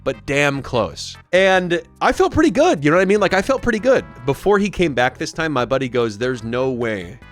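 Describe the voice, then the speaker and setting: A man's voice: fairly high pitch, sing-song, normal speed, hardly any pauses, faint music behind. A young man casually telling a rambling story to his stream audience, often mimicking the people he quotes. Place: home streaming setup. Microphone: studio mic.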